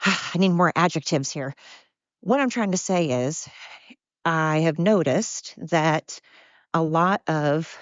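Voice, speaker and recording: Female podcast host, low voice, tired and out of breath, blunt rambling solo chat, dry lo-fi outdoor recording. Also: slow pace, long pauses, no echo. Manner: chatty, blunt, self-deprecating, drifts off topic. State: exhausted and winded. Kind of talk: rambling casual monologue.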